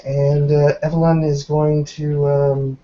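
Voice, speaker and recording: A man's voice: a little high, little pitch movement, takes it slowly, dark tone, slight background noise. A man playing a tabletop role-playing game, counting his dice rolls aloud and swearing casually as he describes his character's moves. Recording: dull lo-fi recording.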